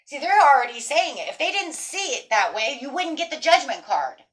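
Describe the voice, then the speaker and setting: Animated woman giving a tarot reading. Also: high-pitched, a little fast, few pauses. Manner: animated, emphatic, swears casually, talks straight to viewers. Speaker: tarot reader. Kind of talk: casual tarot reading monologue.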